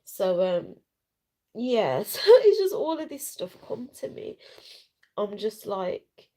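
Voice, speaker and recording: This vlogger's mid-range, warm voice is very animated, though she takes her time. She's crying on a casual live video, rambling tearfully and frankly with slang and swearing, in an emotional chat she self-recorded at home without a sound check.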